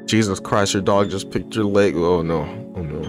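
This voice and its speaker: A man's voice: low voice, moderate pace, over music. A man chatting casually with viewers on his live stream, joking and swearing freely.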